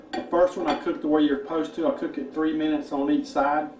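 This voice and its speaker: A man hosting a home cooking show, chatting in a folksy, relaxed way while tasting his dish. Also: on the high side, a little fast, slight background noise. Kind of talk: casual cooking chat. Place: home kitchen. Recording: roomy kitchen, mic at a distance.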